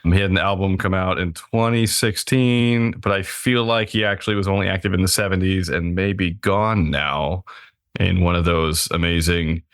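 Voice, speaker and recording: A male podcast host with a somewhat low voice who talks in an upbeat, chatty way. The sound is dry and close, with no room echo. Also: steady tone, normal speed, fairly bright tone, clear, resonant tone. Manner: upbeat, chatty, reads out show plugs. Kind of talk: casual podcast talk.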